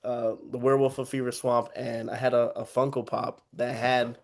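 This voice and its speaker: A man's voice: mid-range voice, moderate pace, vocal fry. A young man from Texas telling a story in casual podcast chat, acting out the people he quotes. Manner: animated, acts out quoted voices. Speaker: podcast host.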